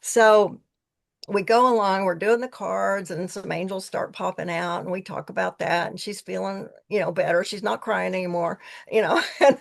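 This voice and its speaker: Female guest, earnest rambling storyteller with a gravelly, creaky edge. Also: medium pitch, steady tone, moderate pace. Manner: earnest, rambling, with frequent restarts. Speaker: podcast guest, tea leaf reader. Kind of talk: casual storytelling conversation.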